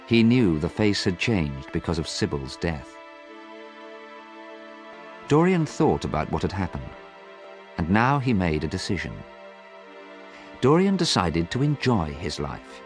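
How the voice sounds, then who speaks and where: A man narrating a simple storybook in a clear, measured reading. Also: low voice, very animated, soft background music. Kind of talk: scripted audiobook narration.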